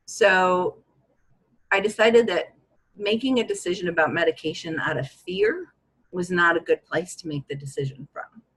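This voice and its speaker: Husky low woman telling her story. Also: moderate pace, low-quality recording. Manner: reflective, candid, lively when quoting her own thoughts. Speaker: guest. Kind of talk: personal storytelling in a conversation.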